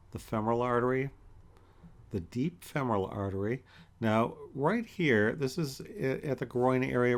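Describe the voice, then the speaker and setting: A man teaching an anatomy lecture in a relaxed, conversational way as he points through pictures. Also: medium pitch. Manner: relaxed and conversational, with many fillers and pauses. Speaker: anatomy instructor.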